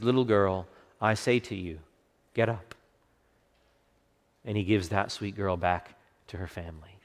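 Man preaching, fervent, swelling then hushed, mid-pitched voice, long hall reverb. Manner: fervent, rising to bursts then dropping to hushed quotes. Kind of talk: expository sermon.

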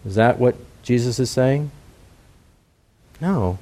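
A man's voice: medium pitch, slow, dark tone. A man giving a conversational sermon, talking casually and directly to his listeners and asking rhetorical questions. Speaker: preacher.

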